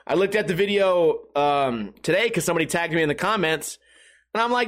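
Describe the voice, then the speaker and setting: A man's voice: on the high side, animated, a little fast, fairly bright tone. A man chatting casually on a stream, telling rambling stories full of swearing and giggles. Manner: profane, giggly storytelling.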